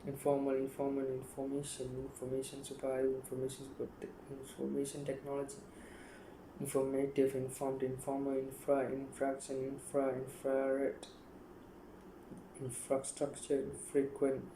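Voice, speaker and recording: A man reading dictionary words aloud one after another, in a flat listing manner with frequent stumbles and restarts. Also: mid-range voice, moderate pace, reverberant, background noise. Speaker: youtuber.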